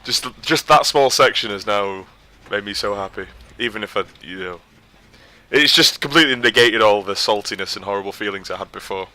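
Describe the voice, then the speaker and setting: A young man giving live commentary while playing a game, swinging from quiet muttering to excited yelps. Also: lowish voice, a little fast. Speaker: streamer.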